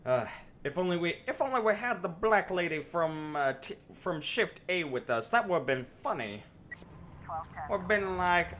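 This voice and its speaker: A man's voice: high voice, animated, unhurried, fairly bright tone, a little hiss or hum. A young man casually commenting on his gameplay during a live stream, joking and rambling to himself as he plays. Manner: joking, rambling, talks to himself while playing. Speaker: game streamer. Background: faint game music.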